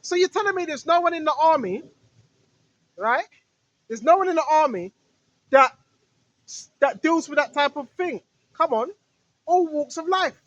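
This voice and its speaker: A high-pitched woman preaches in a loose, wandering monologue, circling back to the same phrases and asking her listeners questions she answers herself. The recording is close and dry, with no room sound around her voice. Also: expressive, a little slow, long pauses, no room sound, highs cut off. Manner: repetitive, fires rhetorical questions at listeners; talks straight to listeners, now and then shouting rebukes at spirits. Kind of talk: rambling spiritual monologue.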